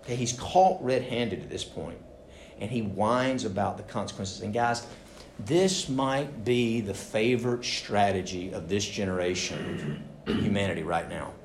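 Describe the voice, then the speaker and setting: A man's voice: on the low side, unhurried, slight background noise. A man preaching a sermon, acting out the people he quotes. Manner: animated, acts out quoted voices. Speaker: pastor. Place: church sanctuary. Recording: roomy church echo.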